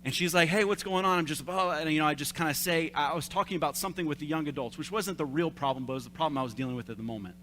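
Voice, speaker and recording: A man's voice: on the high side, rapid-fire, few pauses, slight background noise. Storytelling man preaching a casual sermon. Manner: storytelling, animated, self-deprecating humor. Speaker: young adults pastor. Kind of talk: conversational sermon. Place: church service.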